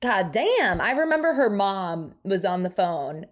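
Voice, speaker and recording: A woman in her thirties hosts a solo podcast with a medium-pitched voice. She talks in an easy, chatty way, plays up her own drama and laughs at herself. She swears freely as she goes. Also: unhurried. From New Jersey. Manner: animated, self-mocking, dramatic, swears freely. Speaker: podcast host. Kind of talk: casual solo podcast chat.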